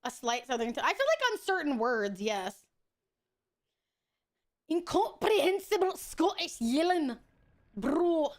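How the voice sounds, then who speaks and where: High-pitched woman gaming streamer, bouncy voice, swears a lot and cackles. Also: very animated, moderate pace, hardly any pauses. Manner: profane, joking, loud laughs. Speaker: VTuber streamer. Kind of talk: casual gaming stream chat.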